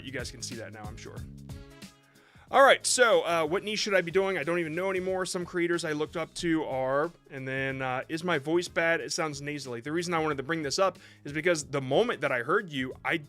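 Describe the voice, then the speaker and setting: A man hosts a live stream, reviewing short videos viewers send in, rambling casually, thinking aloud and reassuring his audience. His slightly high, very bright voice moves fairly quickly, with faint music behind.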